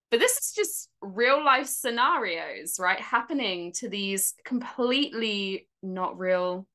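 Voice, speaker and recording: A woman's voice: lowish voice, sharp tone. A woman with an English accent hosting a podcast, gushing and enthusiastic in casual chat. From England. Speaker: podcast host.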